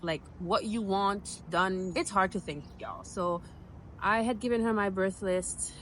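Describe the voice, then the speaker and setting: A woman's voice: medium pitch, slight background noise, poor audio. Chatty young woman telling a story. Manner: chatty, animated, acts out her own reactions. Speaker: vlogger telling her birth story. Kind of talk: casual storytelling to camera.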